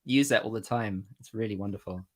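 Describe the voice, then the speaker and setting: Very deep-voiced woman host. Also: fairly quick, a little mellow. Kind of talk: casual conversation.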